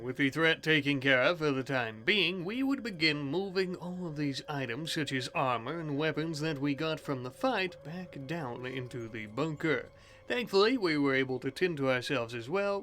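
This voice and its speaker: Guy doing role-play commentary over his game, kinda high, really bright and forceful voice, hams it up. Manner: theatrical, slow taunting in-character speeches. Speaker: let's play host. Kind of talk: role-played gameplay commentary.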